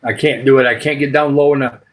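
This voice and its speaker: A man's voice: medium pitch, little pitch movement, fast, slight background noise, poor audio. An older man with a Michigan accent, chatting casually with viewers on his livestream, rambling along with lots of uhs. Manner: rambling, many filler uhs. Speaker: livestream host. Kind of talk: casual live chat with viewers.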